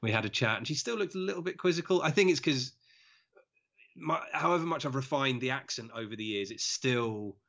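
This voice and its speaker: Male comedian guest, chatty storyteller with frequent laughs; bright tone, muffled lo-fi recording. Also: mid-range voice, animated, a little fast. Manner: chatty, laughs often while telling stories. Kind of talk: casual podcast chat.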